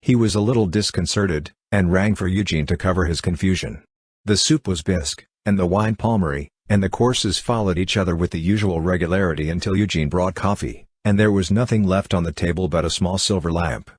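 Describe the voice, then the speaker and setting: A man narrating an audiobook in a steady, even reading voice. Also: sits low, fairly quick, slightly rough, no room sound. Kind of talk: scripted narration.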